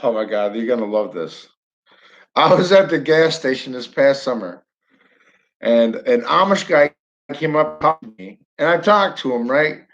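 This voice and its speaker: A man's voice: medium pitch, expressive, a little slow, fairly bright tone. Chatty guy from upstate new york telling viewers a story, muffled lo-fi audio. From Northern New York. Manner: chatty, chuckling, addresses viewers directly. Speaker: live stream host. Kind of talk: casual rambling storytelling. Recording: dull lo-fi audio.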